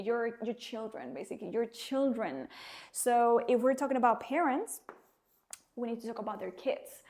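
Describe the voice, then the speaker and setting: A woman teaching English in a live online class, speaking with a Spanish accent. Her voice sits fairly high, and she keeps the lesson moving with coaxing questions to her viewers. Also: a little mellow.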